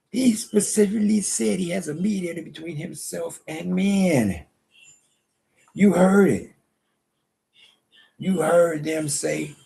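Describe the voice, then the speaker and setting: A man's voice: high voice, gravelly, warm tone, husky. A man hosting a casual video, questioning a phone app in a skeptical, rhetorical way and talking back to it. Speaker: video host. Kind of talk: casual commentary while quizzing a phone app.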